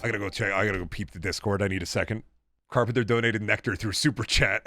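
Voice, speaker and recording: A man streaming a game, rambling and profane, bursting into excited rants. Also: lowish voice, quick pace, no room sound, studio quality, soft background music. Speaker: gaming streamer. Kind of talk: live game-stream commentary.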